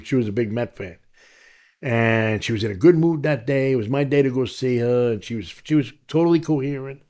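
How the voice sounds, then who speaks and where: A man from New with the to match, talking through his own story on a podcast. He tells it in an animated, streetwise way, slipping into other people's voices as he goes, at a medium, everyday pitch. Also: a little fast. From New York. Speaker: podcast guest. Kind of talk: telling his life story in conversation.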